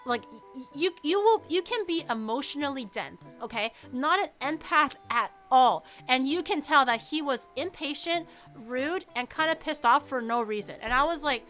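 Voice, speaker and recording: A woman's voice: high-pitched, animated, normal speed, a bit bright, soft background music. A woman streamer telling a story in casual chat, rambling and stammering, with some swearing.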